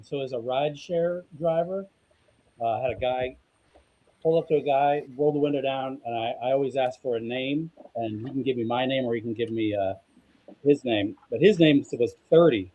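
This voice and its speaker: A man telling a story in a deadpan way on a casual talk show, with many filler sounds. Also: mid-range voice, moderate pace, phone-quality sound. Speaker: guest.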